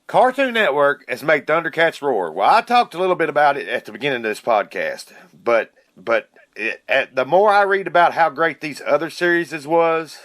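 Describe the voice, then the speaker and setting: A man's voice: a little high, lively intonation, moderate pace, hardly any pauses, a bit bright, no echo, studio quality. Fired-up ranting podcast host, man. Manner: indignant, fired-up ranting with cursing. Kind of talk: casual ranting monologue.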